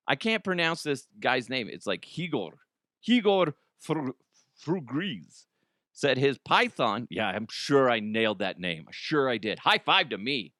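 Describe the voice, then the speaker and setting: American guy doing funny news, super lively voice, swears a lot, dry close sound. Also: medium pitch, normal speed, few pauses, no room sound. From United States. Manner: animated, swearing, laughing at his own jokes. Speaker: comedy news host. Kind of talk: casual comedic news commentary.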